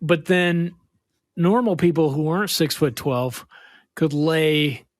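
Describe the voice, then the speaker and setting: A man's voice: a little high, slow pace, no echo, studio quality. A man co-hosting a casual podcast, telling a rambling story in a playful, joking way. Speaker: podcast co-host.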